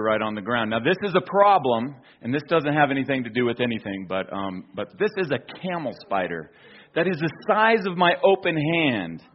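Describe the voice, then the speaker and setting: A man from the United States talks through a slideshow in a loose storytelling way, full of ums and restarts. His voice sits at an ordinary pitch. The recording is dull and lo-fi, with the top end rolled off. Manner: storytelling with fillers and restarts, chuckling. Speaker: speaker presenting an archaeology slideshow. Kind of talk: casual illustrated talk.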